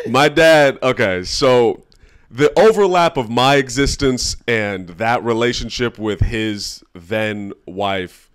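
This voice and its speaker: A man in his thirties hosting a podcast, talking candidly and laughing easily in a relaxed conversation. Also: mid-range voice, takes it slowly, clear, resonant tone. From Southern California. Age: 30s. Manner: candid, self-deprecating, laughs often. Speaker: podcast host. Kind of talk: casual conversation.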